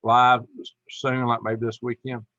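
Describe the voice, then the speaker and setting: A man's voice: medium pitch, flat delivery, unhurried, bright, forceful tone, dry recording, dull audio. A middle-aged man hosting a casual live stream, reading viewer comments aloud in a chatty, tired way. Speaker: livestream host.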